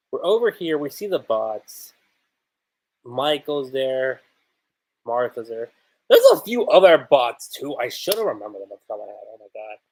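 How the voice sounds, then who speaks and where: A man's voice: medium pitch, a little mellow, slightly rough, low-quality recording. A man hosting a casual livestream manga chapter review. He thinks aloud, restarts often and laughs.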